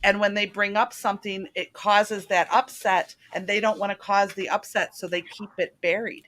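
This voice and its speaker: Bright-voiced chatty woman host. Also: medium pitch, normal speed. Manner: chatty, earnest, animated storytelling. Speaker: talk show host. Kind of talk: casual spiritual chat.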